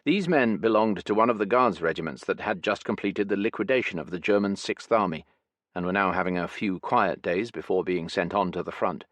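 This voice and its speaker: Low-voiced man narrating an audiobook. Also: a little fast, fairly bright tone, no echo. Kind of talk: scripted narration.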